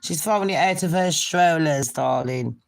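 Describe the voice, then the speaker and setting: A woman's voice: low-pitched, moderate pace, creaky. A woman giving a sweary, mocking commentary vlog, laughing at her own jokes. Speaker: commentary vlogger.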